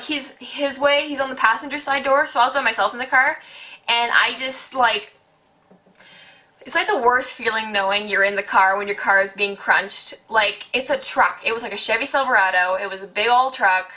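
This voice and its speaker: Bright-voiced chatty teen woman. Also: fairly high pitch, normal speed. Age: late teens. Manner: chatty, heavy use of "like", animated retelling. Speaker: vlogger. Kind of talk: casual storytime vlog.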